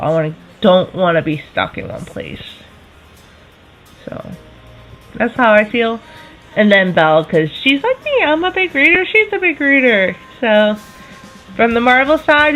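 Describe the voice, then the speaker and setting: A woman in her twenties chatting casually to camera as a vlogger, enthusiastic, with quick self-correcting asides. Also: mid-range voice, very animated, a bit bright, soft background music, poor audio.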